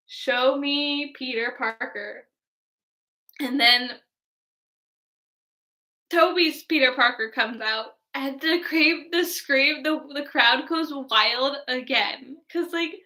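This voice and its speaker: A young woman vlogger chatting casually about a movie, gushing and excitable, filling her talk with "like". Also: high-pitched. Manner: gushing, heavy use of "like", excitable fangirl tone. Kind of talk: casual movie review chat.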